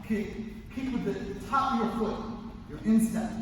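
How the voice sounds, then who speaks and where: A young man leading a martial arts class, barking counts and shouts, with joking asides. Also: high-pitched, normal speed. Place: large indoor training hall. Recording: echoey hall, mic far off, noisy.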